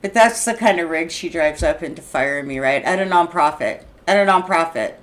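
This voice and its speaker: A woman's voice: low voice, expressive, a little fast. Agitated, laughing woman in her sixties. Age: 60s. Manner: agitated, laughs often, profane, rambling restarts. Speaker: vlogger. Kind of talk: unscripted venting monologue.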